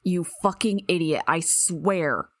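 A woman's voice: on the low side, slow pace, a bit bright, no room sound. Woman reading a swearing, sarcastic young man. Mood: angry. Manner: cursing, accusing.

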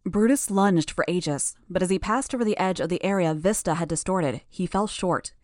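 Woman narrating with a low, dry voice. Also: normal speed, darkish tone, no echo. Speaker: audiobook narrator. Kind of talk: first-person scripted narration.

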